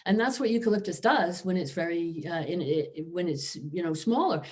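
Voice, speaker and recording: A woman's voice: on the low side, animated, moderate pace, darkish tone. A woman professor giving a conversational philosophy lecture over a video call, often adding asides to the audience. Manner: informal, frequent "you know" and "right?" asides.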